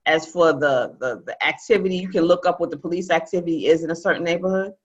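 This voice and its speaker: A woman's voice: fairly low pitch, fast. A woman from Brooklyn, hosting a real estate training call in a chatty coaching manner. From Brooklyn, New York. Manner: chatty, repeats phrases, coaching tone. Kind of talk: casual online training call. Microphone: video call. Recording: dull lo-fi video call audio.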